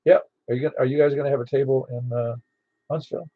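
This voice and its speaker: A man's voice: mid-range voice, steady tone, fast, no room sound. A man running a ham radio net, chatting in an easygoing, rambling way with plenty of fillers. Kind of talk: casual radio chat. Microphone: radio transceiver mic. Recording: dull dry lo-fi radio audio.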